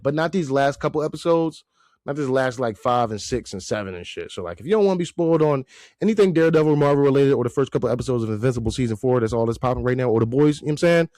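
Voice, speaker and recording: A man hosts a podcast with an easygoing, slang-heavy delivery. He swears casually and laughs often. His voice is recorded close and dry and sits at a middling pitch. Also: a little mellow, dry recording. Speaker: podcast host.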